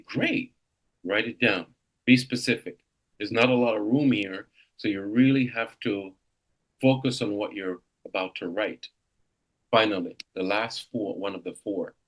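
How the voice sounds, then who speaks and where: A man in his fifties, a real estate coach, leading a motivational coaching session with an animated, exclamatory delivery. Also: fairly low pitch. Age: 50s. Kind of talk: coaching seminar.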